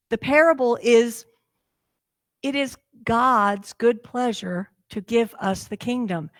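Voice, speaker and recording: A woman minister preaching a sermon, telling a parable in a lively way and acting out its characters' lines. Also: fairly high pitch, slow, dry recording. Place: church sanctuary.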